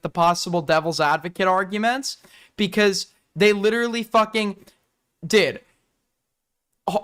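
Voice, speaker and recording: A young male streamer with a high, smooth, clean-sounding voice talks through a livestream in a loose, rambling way. He swears freely and keeps cutting himself off mid-thought to start again. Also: pushed and bright. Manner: profane, rambling, restarts mid-sentence. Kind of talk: casual livestream commentary.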